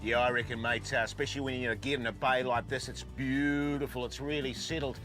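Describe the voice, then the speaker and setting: A man's voice: medium pitch, fairly quick, lightly acted. Man doing a laid-back kiwi fishing mate, um-ing and ah-ing, mid voice, music behind. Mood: matey. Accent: New Zealand. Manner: relaxed drawl, lots of fillers and "mate". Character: matey male fishing co-host, bluffing expert. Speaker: fishing show co-host. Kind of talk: satirical sketch comedy.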